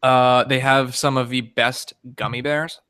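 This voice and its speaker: Podcast host, man, bright and forward voice, easygoing rambling chatter. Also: medium pitch, steady tone, a little slow, clear, resonant tone. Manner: chatty, rambling storyteller with frequent fillers. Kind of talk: casual chat. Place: home recording setup, drinking beer on air.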